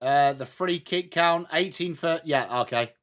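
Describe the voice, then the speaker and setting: A man's voice: fairly high pitch, unhurried, fairly bright tone. A young English man hosting a live football watchalong, calling the play while chatting with viewers. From England. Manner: chatty, mixes play calls with replies to chat. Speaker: watchalong host. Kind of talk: live sports watchalong chat.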